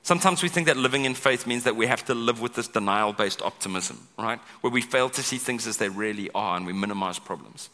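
A man preaching a sermon as pastor, chatty and animated, often checking in with "right?" and acting out quoted lines. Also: medium pitch, brisk, few pauses. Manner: conversational, keeps asking "right?"; acts out quoted speech with big vocal swings. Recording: long hall reverb.

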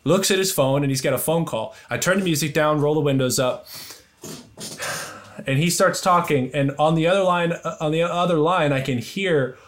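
A young man telling a wild story in casual chat, excitable and profane, with lots of restarts. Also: a little high, normal speed. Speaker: storyteller guest.

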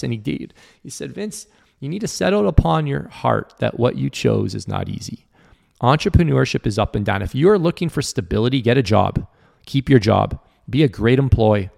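Earnest man coaching entrepreneurs, slightly gravelly. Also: darkish tone. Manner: earnest, coaching tone, acts out quoted people with lowered voice. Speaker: podcast host. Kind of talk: motivational podcast monologue.

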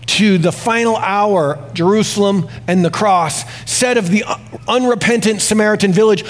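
A male pastor preaching a sermon in a confessional tone, swinging between hushed reflection and exclamation. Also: high voice, moderate pace.

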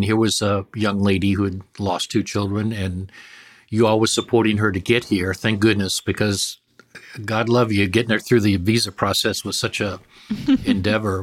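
A man who is a physician, a guest on a podcast interview, telling stories with relaxed, wry self-deprecating humor. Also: lowish voice.

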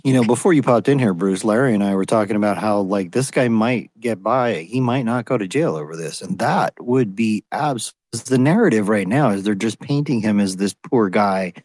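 Low-voiced male host, dry sound. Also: animated, moderate pace, hardly any pauses, a little mellow, no room sound. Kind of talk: moderating a casual live audio chat.

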